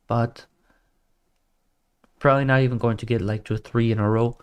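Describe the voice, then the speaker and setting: A man's voice: mid-range voice, steady tone, moderate pace, clean tone. A man hosting a trading livestream, chatting loosely with viewers, full of "like" fillers and calling them brother. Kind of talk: casual livestream chat, reading viewer comments.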